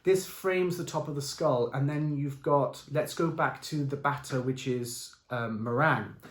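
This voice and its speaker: A man who describes a painting as if it were a recipe, playful and excitable, with many fillers and restarts. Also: medium pitch, unhurried, echoey room. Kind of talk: improvised audio description.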